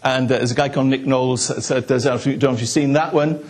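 Husky pastor preaching. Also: male voice, mid-range voice, fairly even intonation, fast talker, darkish tone. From Wales. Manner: chatty storytelling with asides to the congregation. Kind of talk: sermon.

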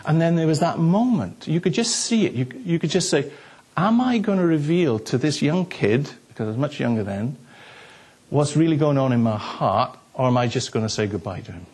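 A middle-aged man, a pastor, telling a story in a sermon and acting out the dialogue with animated, comic excitement. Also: fairly high pitch, moderate pace, slightly rough.

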